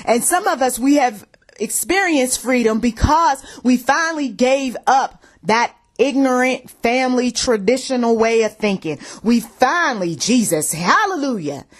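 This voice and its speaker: A woman's voice: fairly high pitch, lively intonation, measured pace. A woman giving a plainspoken faith message in a conversational way, repeating phrases for emphasis and often checking in with "okay?". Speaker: faith-based audio message speaker.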